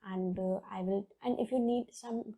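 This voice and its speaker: Woman, exam-prep teacher, patient step-by-step explaining, husky voice, very dark mellow tone. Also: mid-range voice, steady tone, moderate pace, low-quality recording. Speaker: IELTS teacher. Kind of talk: explaining a slide lesson.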